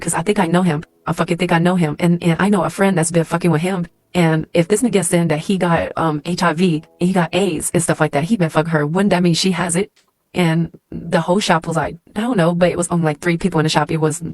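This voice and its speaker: A woman tells a casual storytime clip in second person, speaking fast and profanely while acting out the quoted dialogue. Her voice is lowish, with no room sound.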